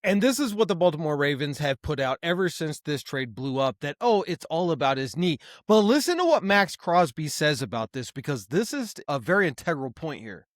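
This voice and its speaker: A man's voice: on the high side, very animated, fairly quick, few pauses, dry recording, studio quality. A man hosting a sports podcast, reading an ad and giving emphatic commentary. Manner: emphatic, building outrage. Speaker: podcast host.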